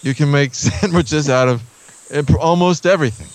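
A man with a slightly high, fairly quick voice that sounds close to everyday speech plays a rambling middle-aged father teaching his son to camp in an improvised comedy scene. He chuckles and drifts into absurd tangents, yet the mood stays earnest.

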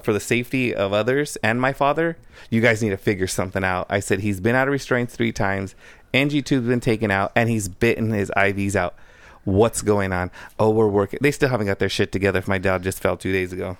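A man telling a long family story in casual conversation, animated and acting out the dialogue he quotes. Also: fairly low pitch, brisk, smooth, no echo.

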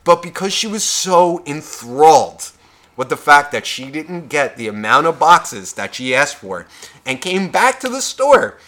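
A man co-hosting a casual podcast, spinning a long profane story. His voice is bright and forceful, and he slips in and out of quoted characters as he goes. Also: fairly high pitch, unhurried. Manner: animated, swears constantly, acts out other people's lines. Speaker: podcast co-host.

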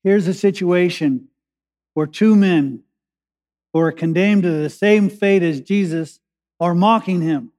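A man preaching a sermon as a pastor, with slow emphatic pauses that build to urgency. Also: high-pitched, darkish tone. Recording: echoey hall with long reverb.

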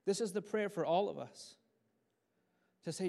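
A man in his thirties preaching a sermon at a church service, swinging between loud fervent passages and soft hushed ones. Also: high-pitched, moderate pace, gravelly, long pauses. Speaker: pastor.

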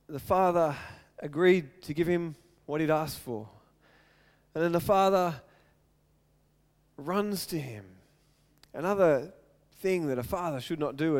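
High-voiced man preaching a sermon. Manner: earnest, storytelling with acted quotes. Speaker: pastor.

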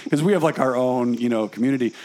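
A man's voice: medium pitch, fast talker, darkish tone. A man co-hosting a podcast in casual chat, rambling and swearing, often trailing off. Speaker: podcast co-host.

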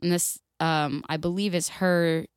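A woman's voice: fairly low pitch, fairly even intonation, unhurried, clear, resonant tone, no echo, studio quality. A woman co-hosting a casual podcast, reading a story aloud and cutting in with blunt, sweary comments. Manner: blunt, sweary, laughs often. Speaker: podcast co-host.

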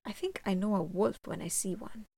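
A woman's voice: mid-range voice, brisk, gravelly, darkish tone. A woman voicing a terrified, superstitious male soldier in an audiobook, speaking urgently and fearfully. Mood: scornful.

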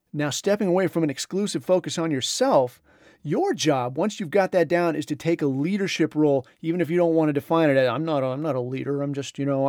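A middle-aged man speaks in a casual storytelling voice, slightly high for a man. He drifts through his anecdote in a relaxed, conversational way and shifts into voices when he retells what others said. The sound is dry and close, with no room echo. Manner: laid-back, conversational, drawls and mimics others in retold dialogue. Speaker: podcast host.

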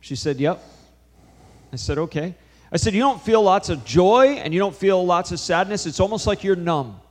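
Man, pastor, sermon, storytelling, fairly high voice, long hall reverb. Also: expressive, brisk. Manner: storytelling, quoting conversations with shifting emphasis.

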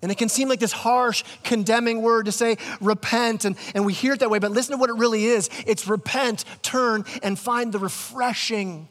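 A man's voice: very high voice, fairly even intonation, normal speed, few pauses, fairly bright tone, in a large hall. A man preaching a sermon as pastor, casual and conversational, often restarting his words. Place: church sanctuary.

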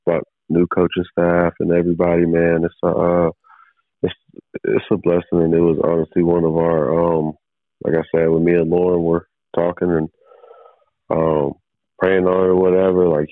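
A man calling in as a football player guest, speaking haltingly with many fillers and restarts. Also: sits low, no echo. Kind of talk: casual phone interview. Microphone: phone call. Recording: tinny phone line.

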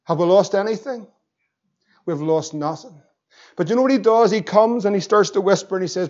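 A middle-aged Northern Irish pastor preaching with fervour, pushing up into shouts at the peaks. His voice sits high for a man. The recording is dull and lo-fi. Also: a little fast. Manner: impassioned, rising to shouts, acts out the devil's voice. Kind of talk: sermon.

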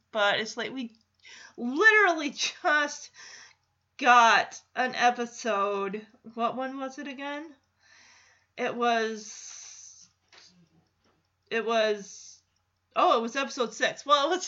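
A woman hosting a podcast alone in casual chat, chatty and excitable, with frequent laughs. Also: a little high, lo-fi sound. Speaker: podcast host.

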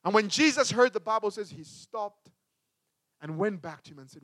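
High-voiced man preaching a sermon. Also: lively intonation, normal speed, dry recording, studio quality. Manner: emphatic preaching, swings between loud and hushed. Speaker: pastor.

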